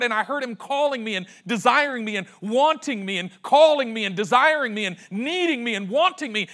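A man in his forties preaching a sermon as pastor, impassioned and repetitive, swinging between hushed and loud. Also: very high-pitched. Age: 40s. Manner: repeats phrases for emphasis.

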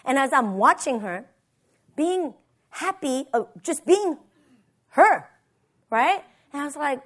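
A woman's voice: high-pitched, lively intonation, takes it slowly, pauses often, a bit bright. A woman pastor giving a conversational sermon, telling personal stories and often checking in with "right?". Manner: personal storytelling, tags lines with "right?".

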